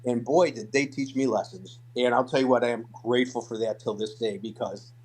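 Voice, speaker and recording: Older male interview guest, lively storyteller, restarts and repeats, plain conversational voice. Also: medium pitch, brisk, breathy edge. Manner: animated storyteller, acts out quotes, repeats words. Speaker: martial arts guest.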